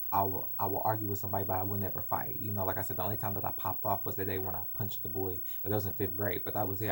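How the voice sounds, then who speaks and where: A young man telling a painful personal story to camera in an emotional, rambling and apologetic way. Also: low-pitched. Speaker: vlogger.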